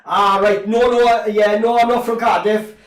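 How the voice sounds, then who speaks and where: A man's voice: high voice, fairly even intonation, moderate pace, distant mic. A middle-aged man with a Llanelli Welsh accent, chatting casually while he streams a live rugby match and reads out viewer comments. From Wales. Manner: chatty, rambling, laughs often, reads chat aloud. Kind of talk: casual live rugby watch-along chat. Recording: roomy echo, voice a bit off-mic.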